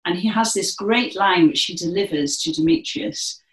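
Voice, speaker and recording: A woman's voice: on the low side, expressive, moderate pace. A woman leading a dance session, giving encouraging instructions and projecting with theatrical delivery. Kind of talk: guided movement class instruction. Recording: echoey room.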